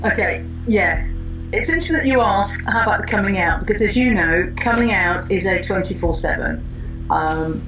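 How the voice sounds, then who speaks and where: A woman in her fifties telling her own story in an interview, reflective and thoughtful with frequent pauses. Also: mid-range voice. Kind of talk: personal storytelling. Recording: slightly muffled with soft music.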